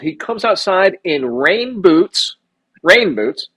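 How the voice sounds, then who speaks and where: A man from South Dakota co-hosting a podcast, telling profane, animated stories in casual chat. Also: high voice, takes it slowly, slightly rough, no echo. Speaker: podcast co-host.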